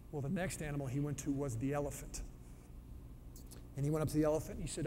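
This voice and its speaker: A man's voice: fairly high pitch, fairly even intonation, fast, dark tone. A man giving a motivational talk on leadership, telling a fable with punchy, emphatic storytelling. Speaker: speaker on leadership. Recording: long hall reverb, faint background noise.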